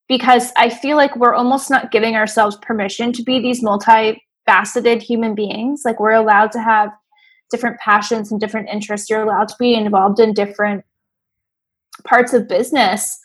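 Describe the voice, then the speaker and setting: A chatty woman co-hosting a podcast, riffing through a topic in casual conversation. Her voice is somewhat high and husky. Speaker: podcast co-host. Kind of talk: casual chat.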